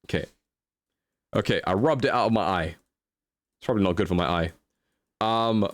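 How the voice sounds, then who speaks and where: A man's voice: on the low side, moderate pace, no echo. A young man streaming live, chatting casually as he thinks aloud through a guessing game and answers his chat.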